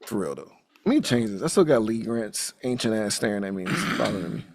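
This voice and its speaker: Male podcast host, lively swinging delivery, loose and profane recap style. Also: fairly low pitch, a little fast. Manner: animated, profane, recaps with acted-out quotes. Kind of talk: casual movie recap chat.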